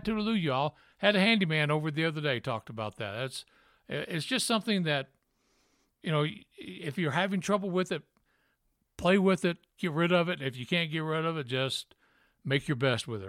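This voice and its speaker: A man's voice: fairly high pitch, dry recording, studio quality. Folksy former radio man from Tennessee. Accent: trained-down Southern. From Memphis, Tennessee. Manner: folksy, animated storyteller. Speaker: podcast host, former radio broadcaster. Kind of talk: casual interview chat.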